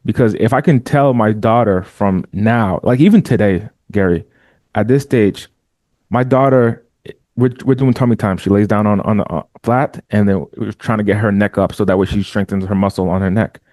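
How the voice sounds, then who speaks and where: A man talking as a podcast guest in an emphatic, conversational way, often doubling his words as he drives a point home. His voice is warm and mellow, and it sits dry and close with no room sound around it. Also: fairly low pitch, normal speed, no room sound. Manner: emphatic, repeats words while building a point. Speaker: podcast guest, entrepreneur and father.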